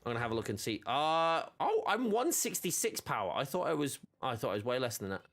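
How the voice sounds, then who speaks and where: A man's voice: mid-range voice, big pitch swings, fast, a bit bright, soft background music. A man chatting casually while streaming a game, rambling with lots of fillers and restarts. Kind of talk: casual gaming stream chat.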